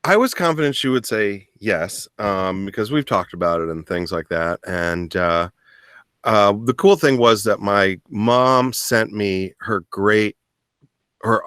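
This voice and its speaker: A man in his thirties, co-hosting a podcast and telling a funny story in a casual, animated way. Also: fairly low pitch, clean tone, no room sound, studio quality. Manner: animated, acts out voices in his stories. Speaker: podcast co-host.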